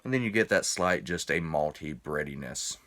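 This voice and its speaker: Deep-voiced rambling man reviewing beer. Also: lively intonation, normal speed, fairly bright tone. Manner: rambling, chatty, self-interrupting. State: a little tipsy. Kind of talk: casual beer review vlog.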